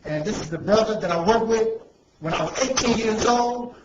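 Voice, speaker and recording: A man's voice: high voice, moderate pace, highs cut off. A man hosting a casual video interview, emotional and saying he is choked up and nervous. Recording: echoey with loud background noise.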